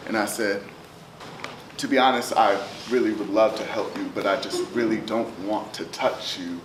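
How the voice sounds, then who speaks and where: A man's voice: fairly low pitch, steady tone, moderate pace. Man performing spoken word, roomy and distant. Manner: rhythmic, chanting, swings from loud to hushed. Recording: roomy, distant live recording with noise.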